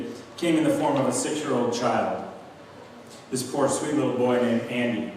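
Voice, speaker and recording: Earnest pastor preaching in a roomy hall. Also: male voice, medium pitch, a little hiss or hum. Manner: earnest, emphatic, builds to repeated points. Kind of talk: sermon. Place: church sanctuary. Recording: echoey church hall from far off.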